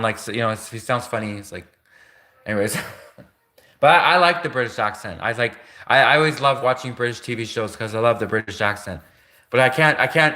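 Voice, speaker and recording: A male livestream host delivers a rambling, casual monologue, heavy on fillers and restarts. His mid-range voice has a sharp tone and sounds reverberant.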